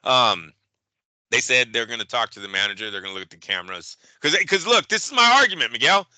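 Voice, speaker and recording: A man co-hosting a show, telling a story in casual chat, animated and profane, acting out the people he quotes. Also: medium pitch, fast, dry recording, rough recording. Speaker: boxing show co-host.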